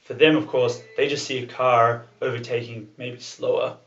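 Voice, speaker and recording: A man presenting a club talk speaks casually to a small group, loose and chatty with many fillers and the odd swear. His mid-range, fairly bright voice holds little pitch movement at a moderate pace. Sitting far from the mic in an echoey room, he comes through on a dull-sounding recording.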